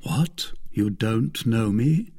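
A man voicing an impetuous young male swordsman in a storybook reading, speaking forcefully and insistently. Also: fairly low pitch, lively intonation, very slow, breathy edge, no room sound, clean studio sound, exaggerated voice. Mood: demanding.

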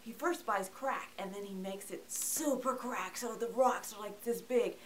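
A woman's voice: mid-range voice, a little slow, slight background noise. Chatty woman joking through a movie review. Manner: chatty and joking, acts out characters. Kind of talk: casual comedic movie review.

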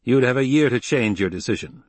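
A man's voice: medium pitch, animated, fairly quick, no room sound, natural voice. A man voicing a stern, commanding desert tribal leader in a storybook reading. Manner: curt, commanding.

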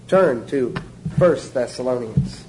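A man's voice: medium pitch, background noise. A man preaching an informal sermon in a folksy, joking way, often asking his listeners questions. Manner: folksy, jokey, asks the audience questions.

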